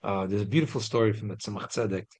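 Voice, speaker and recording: A man's voice: fairly low pitch, very fast, a little mellow, low-quality recording. A man teaching a religious class in a casual storytelling way, chatty, with many restarts and Hebrew and Yiddish terms mixed in.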